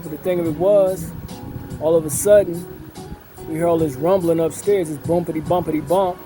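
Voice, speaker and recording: Man, middle-aged, drawn-out casual storytelling, fairly high voice, music behind. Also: low-quality recording. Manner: unhurried storyteller with a drawl, many fillers and repetitions. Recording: music playing in the background.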